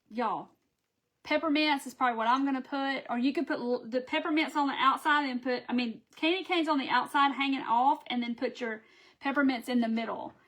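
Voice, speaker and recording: High-voiced woman, chatty live-stream craft host, affectionate with viewers. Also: fairly bright tone. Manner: chatty and affectionate, reads viewer names aloud. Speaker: craft seller hosting a live video. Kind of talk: casual live-stream chat.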